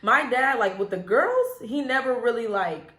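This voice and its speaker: A woman's voice: a little high, normal speed, reverberant. A young woman, co-hosting a parenting podcast and telling a childhood story with frequent laughter. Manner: animated storyteller, laughs often. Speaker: podcast co-host. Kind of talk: casual chat, storytelling.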